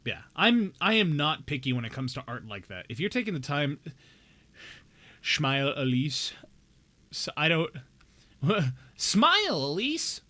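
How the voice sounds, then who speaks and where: A man's voice: a little high, big pitch swings, moderate pace, bright, forceful tone. A young man live-streaming a game, chatting casually with viewers in a playful, joking way with bouts of mock outrage. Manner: playful, jokey, talks straight to chat with mock outrage. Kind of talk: casual live-stream chat while gaming.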